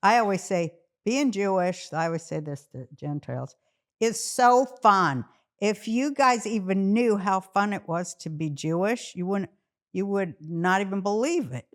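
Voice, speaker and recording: A woman guest telling lively stories in casual chat, often breaking into laughter. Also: medium pitch, unhurried. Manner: animated storytelling, laughs often.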